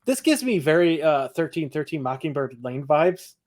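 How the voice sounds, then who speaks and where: A man co-hosting a podcast, chatting loosely through an episode recap and breaking into laughter between points. His voice sits a little higher than most men's. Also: very animated, normal speed, a little mellow. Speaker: podcast co-host. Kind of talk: casual chat recapping a TV episode.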